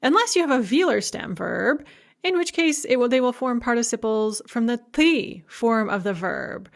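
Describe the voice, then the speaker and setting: A woman's voice: a little high, animated, normal speed, gravelly. A woman teaching a recorded language lecture, explaining grammar methodically and carefully pronouncing example words. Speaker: Russian language instructor.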